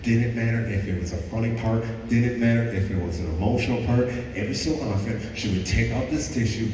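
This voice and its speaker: A man's voice: mid-range voice, brisk, a little mellow, a little hiss or hum. Earnest man speaking in an echoing gym. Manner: earnest, repetitive storytelling. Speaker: motivational speaker. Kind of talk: school assembly storytelling. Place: large school gym. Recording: echoey gym heard from far off.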